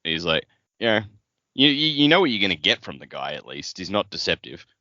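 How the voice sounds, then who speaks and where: A low-voiced man with a bright, forceful edge cuts in with dry, blunt remarks and casual swearing during a relaxed book chat. The audio is dry and close, slightly lo-fi. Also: brisk, no room sound. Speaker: podcast co-host.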